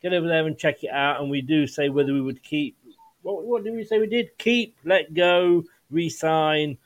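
Male podcast host, slightly high voice, rambling casual football talk, brief. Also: moderate pace. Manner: rambling with frequent restarts and fillers.

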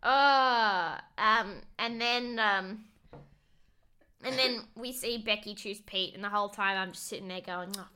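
A woman co-hosting a casual podcast, her voice very bright and ringing. She talks in an animated way and swears freely, slipping into little acted-out voices for the people she describes. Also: mid-range voice, unhurried, a little hiss or hum. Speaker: podcast co-host. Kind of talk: casual chat recapping a reality show.

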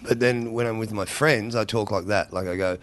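Chatty Australian-accented comic guest. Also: male voice, on the low side, steady tone, a little fast. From United States. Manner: chatty, slips into mimicking voices. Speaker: guest comedian. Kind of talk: casual interview chat.

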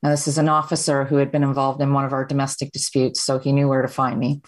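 A Canadian woman speaks as a podcast guest, telling her own story in a plain, steady, candid way. Her voice sits deep for a woman. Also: fast. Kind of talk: personal storytelling.

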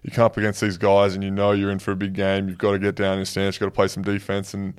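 A man, a pro athlete guest on a podcast, answering in a relaxed, measured way. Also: deep voice, smooth. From Australia. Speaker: professional basketball player guest. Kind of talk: casual chat.

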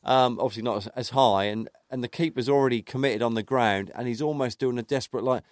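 A man co-hosting a casual football podcast, chatty and halting with many restarts. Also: medium pitch, no echo, studio quality. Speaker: podcast co-host.

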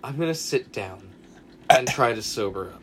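A young man co-hosts a podcast and spins a long, animated anecdote, dropping into the voices of the people he quotes. His voice sits at an ordinary middle pitch and swears freely. A faint hiss runs under the recording. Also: moderate pace. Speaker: podcast co-host. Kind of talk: casual storytelling chat.

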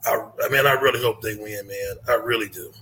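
A man's voice: fairly low pitch, fairly even intonation, fairly quick, sharp tone, low-quality recording. A man from Louisiana chatting casually about football as a guest, easygoing and repeating himself. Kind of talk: casual sports chat.

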